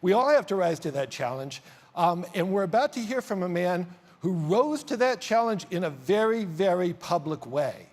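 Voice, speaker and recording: A man emceeing a large conference on stage, telling an animated story with big swings in loudness. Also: high-pitched, moderate pace. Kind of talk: onstage conference speech. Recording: reverberant hall sound.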